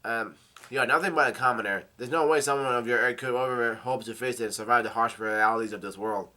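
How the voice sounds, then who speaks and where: A man reading as a cold, stern king father. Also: mid-range voice. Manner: read aloud flatly from a comic, halting restarts.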